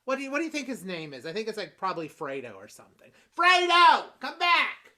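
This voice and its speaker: A woman improvising a fussy, demanding woman on a Valentine's date, stammering and bossy, bursting into shouts. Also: on the low side, sing-song, rapid-fire. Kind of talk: improvised comedy scene.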